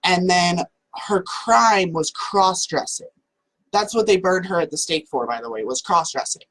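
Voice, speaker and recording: Chatty woman host, slightly husky, talks loosely from home. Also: fairly low pitch, moderate pace, fairly bright tone, poor audio. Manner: chatty, lots of "like" fillers. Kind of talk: casual livestream talk.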